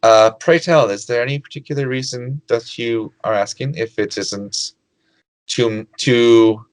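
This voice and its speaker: A man voicing a gentle, hesitant female lizardfolk queen in a tabletop game, speaking formally and haltingly. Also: mid-range voice, steady tone, no room sound, lightly acted, poor audio. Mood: courteous. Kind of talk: tabletop role-play.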